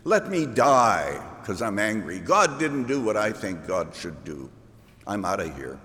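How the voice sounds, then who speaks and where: A sulking, resentful prophet who grumbles and complains in a low, sullen voice, played by a preacher within his sermon. The lines are slow and pitched lower, and long reverberation from a large hall hangs around them. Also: sing-song, fairly bright tone. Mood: bitter. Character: Jonah, sulking resentful grown male prophet.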